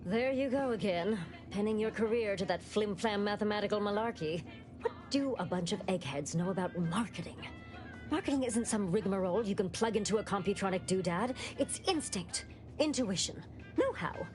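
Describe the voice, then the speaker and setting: Actress as a confident folksy game exec, salesman patter, very animated delivery. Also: medium pitch, normal speed, soft background music, lightly acted. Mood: brash. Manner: old-timey salesman slang, brash and confident. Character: fast-talking folksy female corporate marketing chief.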